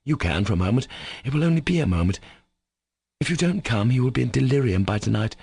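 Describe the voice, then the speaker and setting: A man reading as an earnest young man, pressing hard, with gravelly fry and a husky grain. Low-set voice, delivered close and dry in an audiobook. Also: expressive, fast, darkish tone, no room sound. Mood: insistent. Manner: emphatic, urgent. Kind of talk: audiobook character voice.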